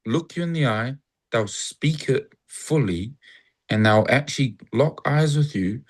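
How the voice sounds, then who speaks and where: Medium-pitched and measured, this New Zealander speaks as a guest in a casual conversation. He rambles reflectively in his New Zealand accent and plays out cheerful greetings.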